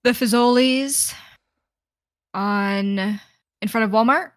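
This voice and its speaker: Woman cohost chatting slow and laid back, laughs a lot, dry close mic. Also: fairly high pitch, no room sound. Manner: unhurried, laughs often, casual swearing. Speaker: podcast co-host. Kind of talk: casual chat.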